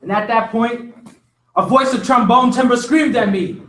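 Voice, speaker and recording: A young man performing a dramatic literary recitation at a speech competition, with intense phrasing and sharp swings in pace. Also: extremely high pitch, moderate pace. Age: young adult. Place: large room at a speech competition. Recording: roomy hall, mic from far off.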